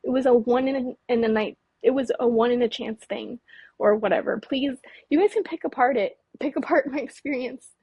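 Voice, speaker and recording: This interview guest, a UFO researcher in her late 20s from the Mojave Desert, California, recounts an experience at a fairly quick pace, her breathy, slightly high voice shaky and fearful as she stumbles and restarts sentences. The recording is muffled, dry, and close, with no room sound.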